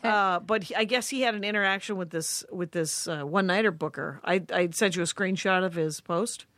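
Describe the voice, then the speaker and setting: A woman's voice: fairly low pitch, fairly quick, fairly bright tone, no echo. A woman comedian co-hosting a podcast, telling stories in a casual, rambling way with frequent laughs and restarts. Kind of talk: casual chat.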